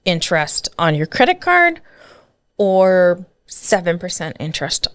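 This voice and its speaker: A lower-pitched woman on a casual podcast. She speaks practically and chimes in with short agreeing remarks. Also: big pitch swings, measured pace. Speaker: podcast co-host. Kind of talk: casual chat.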